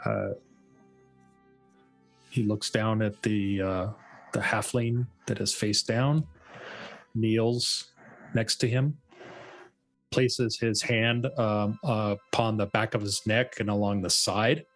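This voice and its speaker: Slow, deliberate male player. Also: on the low side, faint music behind. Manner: deliberate, halting. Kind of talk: describing character actions.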